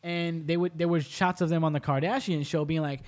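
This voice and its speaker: A man hosting a podcast, recapping a documentary in rapid, profane, animated casual chat. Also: a little high. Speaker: podcast host.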